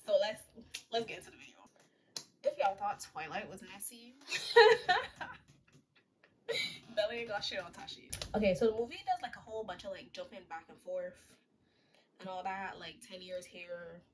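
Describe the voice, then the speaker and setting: Young woman vlogger, casual slangy movie recap, joking asides, mid-pitched voice. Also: a little fast, a little mellow.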